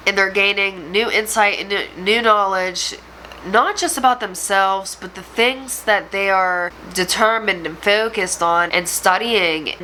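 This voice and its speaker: Bright-voiced woman giving a tarot reading. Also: mid-range voice, slight background noise, rough recording. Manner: gentle, soft-spoken with frequent small laughs and restarts. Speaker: tarot reader and medium. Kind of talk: intuitive tarot reading to viewers.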